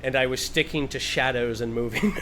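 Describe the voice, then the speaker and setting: A man telling a story on a live stream, rambling with many fillers and swearing freely, building to loud, animated bursts. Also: medium pitch, normal speed, background noise.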